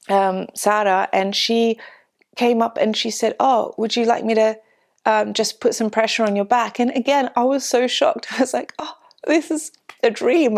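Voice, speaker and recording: A woman vlogger telling a personal story in an emotional, halting way, with many restarts. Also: medium pitch, gravelly, darkish tone.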